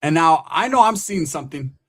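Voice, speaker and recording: A man with a slightly raised voice tells a story in a loose, profane street-slang style. He keeps checking in with listeners and gets animated as the tension builds. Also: fairly high pitch, fairly quick. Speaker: podcast host telling a story. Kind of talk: casual storytelling.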